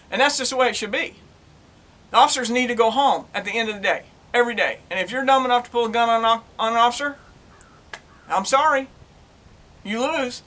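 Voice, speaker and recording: Speaking to his own camera, a middle-aged former police officer retells his stories in a folksy, plainspoken, animated way. His voice is extremely high-pitched and a little fast, broken by long pauses.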